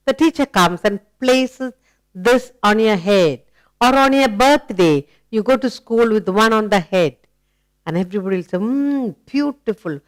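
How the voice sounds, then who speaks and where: A woman leads a children's phonics lesson at an unhurried pace, drawing each word out. Her voice is smooth and clear, and she coaxes answers with questions and warm praise. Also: mid-range voice, low-quality recording. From India. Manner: slow, coaxing, asks questions and praises. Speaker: teacher.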